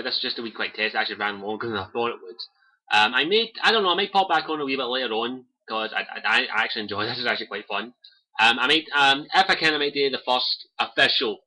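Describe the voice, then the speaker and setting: Bright-voiced young Scottish man rambling. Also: mid-range voice, poor audio. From Scotland. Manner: rambling, swears freely, many fillers. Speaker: livestreamer. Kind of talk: casual livestream chat. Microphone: cheap desk mic by keyboard.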